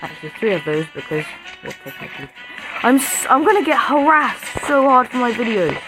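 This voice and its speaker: A woman records casual gameplay commentary, talking freely and getting excited as the action builds. She cheers her units along in a loose, chatty way. Game music plays clearly behind her voice. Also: on the high side, a little fast, low-quality recording. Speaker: gaming video creator.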